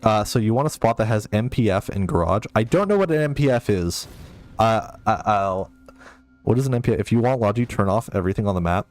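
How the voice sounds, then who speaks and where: A man's voice: fairly low pitch, expressive, fairly quick, faint music behind. A man streaming a game live and reading chat, flustered, self-mocking and rambling.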